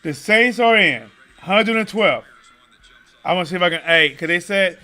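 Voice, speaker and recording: A man's voice: fairly high pitch, expressive, unhurried, bright, forceful tone. Impassioned man live-streaming sports opinions. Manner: impassioned, talks straight to viewers. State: choking up. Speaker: sports commentary channel host. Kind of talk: casual live-stream commentary.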